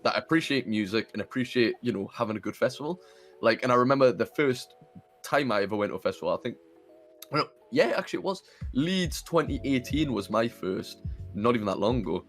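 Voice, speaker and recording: A man's voice: medium pitch, expressive, fairly quick, a bit bright, soft background music. A young man from northern England hosting a podcast, chatting casually, sweary and laughing through his stories. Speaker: podcast host. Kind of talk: casual chat.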